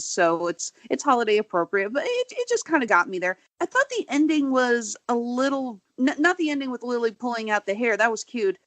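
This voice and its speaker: A woman's voice: medium pitch, no echo. A woman who is a guest on a casual comic book podcast, talking in a thoughtful and detailed way.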